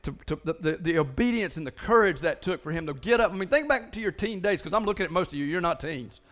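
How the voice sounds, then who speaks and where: A high-pitched man with a drawl preaches to his congregation. He talks in animated bursts, stumbling and repeating words as he builds up. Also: fast talker. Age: older than most listeners. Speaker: pastor. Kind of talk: sermon.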